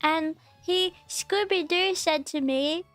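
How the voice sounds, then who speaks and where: A woman's voice: slow pace, a bit bright, faint music behind. A woman streaming as a VTuber, chatting playfully while she bakes and teasingly scolding her viewers. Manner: playful, mock-scolding chat with sudden squeaky outbursts. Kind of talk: casual stream chat.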